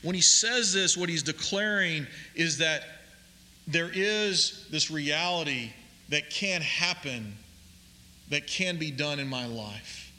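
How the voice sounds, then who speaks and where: A man preaching a sermon as pastor, deliberate and emphatic, slowing down to stress key phrases. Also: on the high side, pushed and bright, in a large hall.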